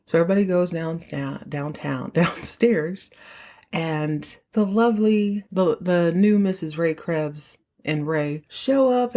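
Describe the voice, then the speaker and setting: A woman podcast host giving a chatty, animated recap of a TV episode and acting out the characters' lines. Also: lowish voice, slow pace.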